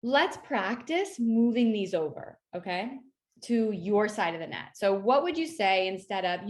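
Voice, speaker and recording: A woman's voice: medium pitch, expressive, a little slow. A woman leading a workplace workshop, speaking in a conversational coaching tone and often checking in with "right?" and "you know.". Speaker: workshop facilitator. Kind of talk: online workshop presentation.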